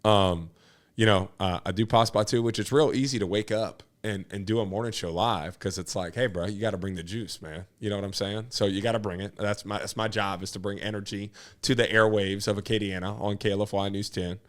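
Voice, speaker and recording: A high-strung man chats as an interview guest. His voice sits low, and he talks with bursting energy and street slang. The delivery is loose and excitable. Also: a little fast. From New Orleans. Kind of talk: casual interview chat.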